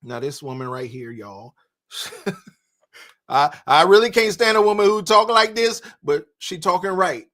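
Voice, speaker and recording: A man's voice: sits high, expressive, a little slow, bright, forceful tone. A man hosting a commentary show, talking in a folksy, preachy way and laughing at himself. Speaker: host.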